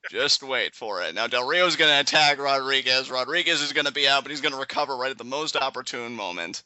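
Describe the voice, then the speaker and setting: A young man chatting excitedly in a live reaction, predicting what happens next and laughing often. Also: medium pitch, fairly quick, dry recording, dull audio. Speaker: guest co-commentator.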